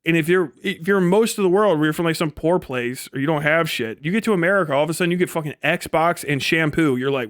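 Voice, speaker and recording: A man's voice: a little high, a little fast, few pauses, a bit bright, dry recording, studio quality. A man streaming live, ranting sarcastically and swearing constantly. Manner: sarcastic and mocking. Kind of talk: profane livestream rant.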